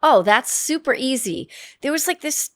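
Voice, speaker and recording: Woman, fifties, Boston accent, blunt and salty, higher register, dry close studio sound. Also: normal speed, no echo. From Boston area, United States. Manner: blunt, salty storyteller with lively quoted voices. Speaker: guest, actress. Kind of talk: casual interview chat. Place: podcast studio.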